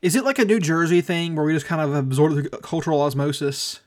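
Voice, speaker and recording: A man's voice: fairly high pitch, brisk, darkish tone. A man co-hosting a podcast, swearing freely and ranting with mocking asides. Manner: profane, ranting, does mocking quoted voices. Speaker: podcast co-host. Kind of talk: casual comedic political chat.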